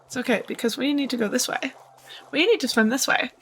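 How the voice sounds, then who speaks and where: Short on sleep, a woman streamer talks casually to herself as she plays, chatty and rambling. Her voice is high-pitched, brisk and fairly bright, with a little hiss or hum in the audio.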